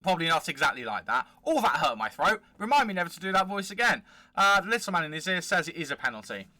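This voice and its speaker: A man hosting a football management game let's play, giving chatty, excitable play-by-play commentary. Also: fairly high pitch, fast, no echo. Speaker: gaming channel host.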